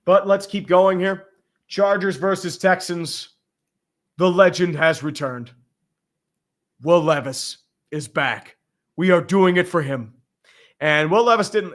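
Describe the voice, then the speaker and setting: A man's voice: on the high side, unhurried. A man hosting a casual sports livestream, talking in a blunt, rambling, profanity-heavy way. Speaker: podcast host.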